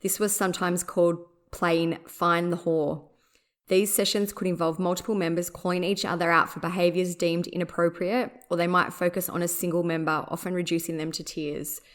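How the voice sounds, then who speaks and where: A woman hosts a podcast and reads from her notes in a measured, steady way. Her voice sits on the lower side, with an occasional "um" between points. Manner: measured, reading aloud with fillers. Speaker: podcast host.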